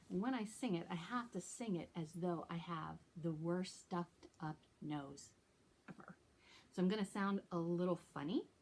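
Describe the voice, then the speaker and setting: A woman librarian reading a picture book aloud to young children in a gentle storytelling manner. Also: lowish voice, slight background noise. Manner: gentle, warm storyteller talking to young listeners.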